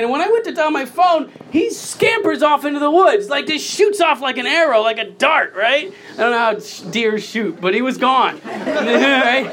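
A man's voice: moderate pace, pushed and bright. A man in his thirties doing a stand-up comedy set, telling stories through laughter and squealing out the quoted lines. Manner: laughing storyteller, acts out quotes with sudden high squeals. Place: comedy club stage with live audience. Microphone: handheld microphone. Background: crowd laughing.

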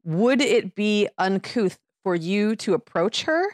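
A woman's voice: medium pitch, lively intonation, takes it slowly, no room sound, clean studio sound. A woman co-hosting a podcast in casual chat, asking playful mock-formal questions. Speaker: podcast co-host.

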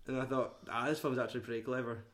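A young man talks films with his mates in a loose, sweary way. He slips into voices as he retells his favourite scenes. His voice sits at a middling pitch. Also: fast talker. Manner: swearing, animated retelling with put-on quotes. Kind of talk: casual film chat.

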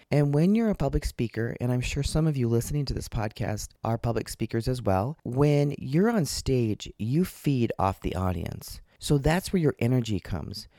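A man's voice: medium pitch, mellow, no room sound, clean studio sound. A man hosting his podcast alone from his couch, telling a story in an earnest, reflective way into a portable microphone plugged into his phone. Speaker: podcast host. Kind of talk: casual solo podcast monologue. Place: home, sitting on a couch. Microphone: portable microphone attached to a phone.

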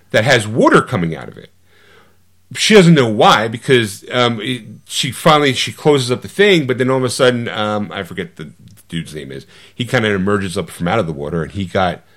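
Animated man retelling a movie plot. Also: fairly low pitch. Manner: animated storytelling, slipping into quoted voices; loose, rambling with fillers and restarts. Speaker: podcast co-host.

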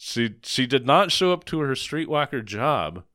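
Animated sarcastic man recapping a movie. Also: mid-range voice, unhurried, no room sound, clean studio sound. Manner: animated, sarcastic, swears, acts out quotes. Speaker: podcast co-host. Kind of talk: casual movie recap chat.

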